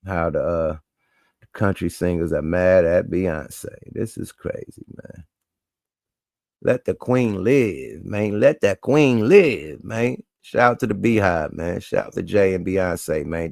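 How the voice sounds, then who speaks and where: A man's voice: low-pitched, a little slow, gravelly, darkish tone, no echo, clean studio sound. A man hosting a livestream, talking in a laid-back, slangy, rambling way. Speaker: livestream host. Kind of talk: casual chat.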